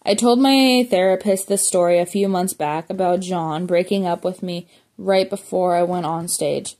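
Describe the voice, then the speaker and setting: A woman's voice: fairly low pitch, moderate pace, darkish tone. A woman reading a memoir aloud as an audiobook, plainly, with small slips and self-corrections. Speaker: audiobook reader.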